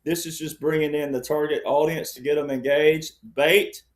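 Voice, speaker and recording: Casting: a man with a slightly raised pitch talks through political commentary as a panel guest. He rambles and presses his points, looping back with "all right" and "right?" as he goes. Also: flat delivery, fairly quick, a little mellow. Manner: rambling, insistent, often says "all right".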